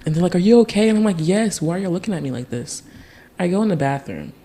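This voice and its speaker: On a podcast, a young guest from Tennessee recounts something from when he was a kid, casual and animated, cracking up and mimicking others' voices. He talks fast, and his voice sits fairly high.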